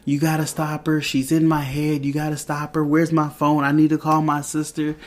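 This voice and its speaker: A man's voice: on the high side, monotone, moderate pace, pitched above the performer's own voice, lightly acted. A man voicing a panicked man who pleads frantically for help, as a quote in a casual recap. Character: panicked middle-aged man begging for help.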